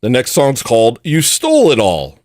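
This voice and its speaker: A man's voice: medium pitch, huge pitch swings, normal speed, darkish tone, no echo, studio quality. A man hosting a livestream show, telling a personal story in a casual, rambling way with frequent restarts.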